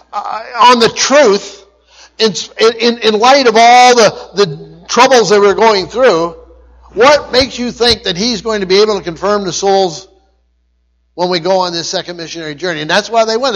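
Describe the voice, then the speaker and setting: A man's voice: sits high, fairly bright tone, rough recording. A man preaching a sermon, repeating key phrases for emphasis and often restarting his sentences. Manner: emphatic repetition, frequent restarts and stumbles.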